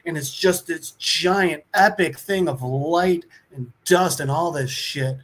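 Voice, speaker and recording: Brief: male podcast co-host, high-pitched, chatty and profane, loose comic book recap. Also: takes it slowly, a bit bright. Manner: rambling, profane, filler-heavy, acts out quotes.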